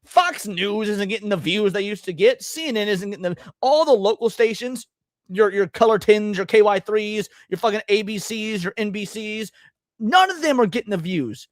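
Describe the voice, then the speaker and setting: A man's voice: sits high, expressive, normal speed, no echo, clean studio sound. An American man hosting a live reaction stream, ranting and swearing with heavy sarcasm. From United States. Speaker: livestream host.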